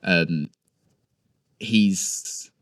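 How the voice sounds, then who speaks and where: A man's voice: low voice, drawn-out words, fairly bright tone, dry recording, clean studio sound. A man, chatting eagerly as an actor guest in an interview. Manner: chatty and enthusiastic, with many fillers. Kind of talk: casual interview chat.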